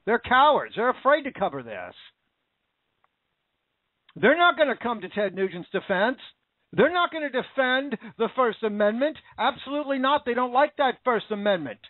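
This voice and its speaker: A man's voice: very high-pitched, sing-song, normal speed, dry recording. An American man giving an indignant, repetitive political opinion rant. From United States. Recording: dry, phone-like narrow audio.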